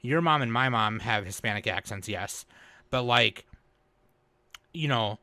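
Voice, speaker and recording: A man's voice: medium pitch, measured pace, no echo. A man hosting a podcast, chatting casually and telling stories with plenty of swearing. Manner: profane, animated storyteller. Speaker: podcast host.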